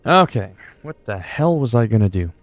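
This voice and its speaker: A man's voice: on the low side, very animated, moderate pace, dry recording, faint music behind. A man chatting casually on a game livestream, rambling and swearing freely. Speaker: game streamer.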